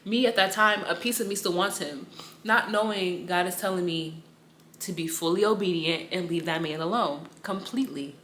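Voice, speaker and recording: A woman's voice: on the low side, normal speed, a bit bright, roomy sound, slight background noise. A young woman giving a personal faith testimony in a casual, rambling way, with slang and a lot of repetition. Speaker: Bible study teacher.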